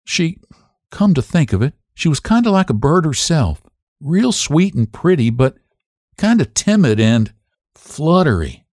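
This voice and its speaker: A plain-spoken farm wife with folksy, homespun talk, as a man puts her on in a storybook reading. Her voice sits high and swings a good deal in pitch. The sound is dry and close. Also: very animated, measured pace, darkish tone, dry recording, heavily acted. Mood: wistful.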